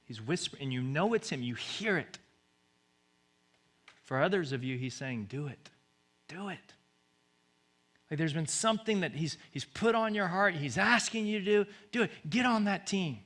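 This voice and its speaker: A man preaching a sermon as pastor, booming through scripture and then dropping to soft, hushed appeals, often repeating words as he presses a point. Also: lively intonation, moderate pace.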